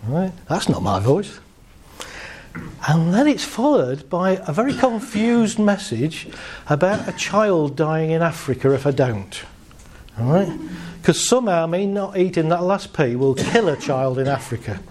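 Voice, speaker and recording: A man giving a humorous, animated talk to a live audience, shifting his pace and voice for effect. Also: fairly high pitch, measured pace. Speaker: speaker.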